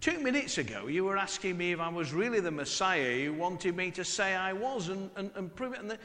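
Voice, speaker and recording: A man's voice: sits high, sing-song, a little fast, bright, forceful tone, in a large hall. A middle-aged man from northwest England with a northwest English accent, preaching a chatty, humorous sermon full of rhetorical questions.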